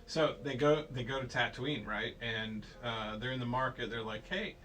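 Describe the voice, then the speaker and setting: A man's voice: mid-range voice, steady tone, moderate pace, fairly bright tone, a little hiss or hum, rough recording. A man casually retelling a film story to a child at home, playful and rambling, slipping into goofy voices.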